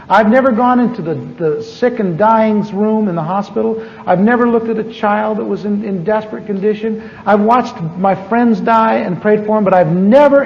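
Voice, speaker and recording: A preacher telling a personal testimony in a sermon, animated and chuckling, repeating his words for effect. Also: high voice, a little hiss or hum. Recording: dull lo-fi audio with long hall reverb.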